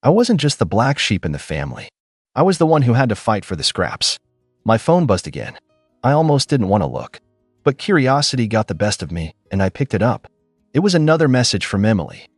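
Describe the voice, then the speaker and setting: A man narrating a dramatic first-person story in a scripted, animated storytelling manner. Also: lowish voice, fairly quick, dry recording, clean studio sound, faint music behind.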